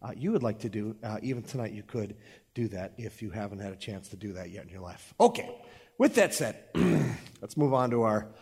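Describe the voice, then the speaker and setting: Casual pastor preaching in a reverberant hall. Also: male voice, lowish voice, lively intonation, brisk, creaky, darkish tone, husky. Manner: conversational preaching with playful asides. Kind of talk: sermon. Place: church service.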